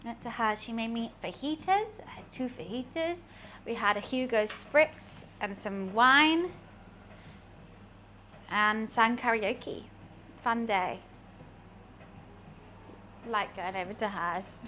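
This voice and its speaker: A young woman with a slight lisp chats playfully as she cooks live for her stream. Her voice sits a little high, and a faint room hum runs underneath. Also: lively intonation, takes it slowly, pauses often, pushed and bright. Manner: chatty, playful, talks to chat while cooking. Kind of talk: casual cooking stream chat.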